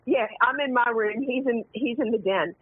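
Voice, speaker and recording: A woman calling in to a radio show, telling a family story in an animated way, laughing often and acting out the quotes. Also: fairly high pitch, normal speed, husky, dry recording. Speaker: caller. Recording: phone line.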